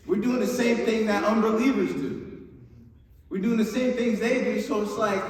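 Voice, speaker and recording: High-voiced young man preaching in an echoey hall. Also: wildly swooping pitch, a little slow, long pauses. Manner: upbeat, chatty, often checks in with "right?". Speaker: youth pastor. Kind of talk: youth sermon. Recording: echoey hall, mic far off, faint noise.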